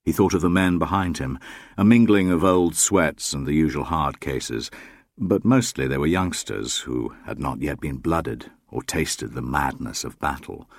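An audiobook narrator with a deep voice reads a novel aloud as scripted narration, at an unhurried pace. The recording is dry and studio quality.

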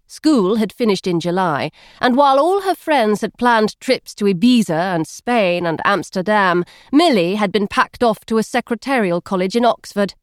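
A woman narrating an audiobook with expressive storytelling. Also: medium pitch, no room sound, clean studio sound.

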